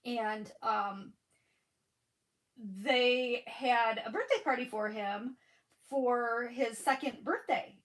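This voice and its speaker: Sniffling after tears, a middle-aged woman takes her time in a casual craft livestream chat, gushing and responding to viewers by name. Her fairly high voice has fairly even intonation, and the recording is rough.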